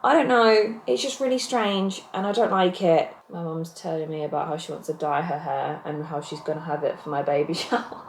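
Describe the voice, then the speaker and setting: A woman's voice: low-pitched, a little fast, vocal fry, reverberant, slight background noise, poor audio. A young woman, pregnant and out of breath, talking candidly and rambling to her camera while seated at home. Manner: candid, rambling, self-interrupting. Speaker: vlogger. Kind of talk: casual confessional vlog. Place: home, seated on a squeaky chair. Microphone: camera mic.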